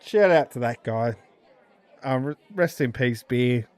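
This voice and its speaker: Man, podcast co-host, relaxed storytelling, joking, video call. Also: medium pitch, measured pace, no echo, a faint crowd. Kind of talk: casual pub chat.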